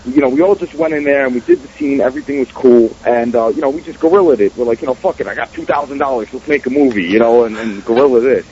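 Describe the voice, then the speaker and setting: A man's voice: medium pitch, fast, hardly any pauses, mellow, a little hiss or hum. A man with a New York-area accent telling stories as a filmmaker guest in a casual interview, profane and streetwise. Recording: dull radio audio.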